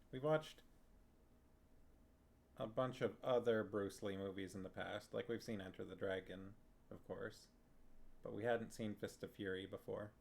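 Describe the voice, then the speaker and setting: A man's voice: fairly low pitch, vocal fry. A man streaming live, chatting casually and rambling as he reacts to messages from his viewers. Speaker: streamer reading a book with viewers.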